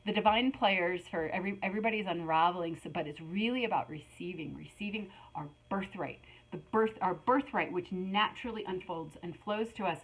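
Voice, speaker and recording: A woman's voice: fairly low pitch, fairly quick, hardly any pauses, breathy edge, low-quality recording. A middle-aged woman giving a casual spiritual tarot reading, rambling with many fillers and restarts. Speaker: tarot reader.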